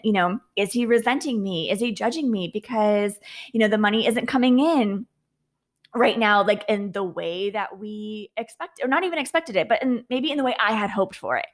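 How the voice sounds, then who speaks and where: Earnest woman coach, higher voice. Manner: earnest, confessional, repeats words and restarts often. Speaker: confidence coach and podcast host. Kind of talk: personal reflective monologue.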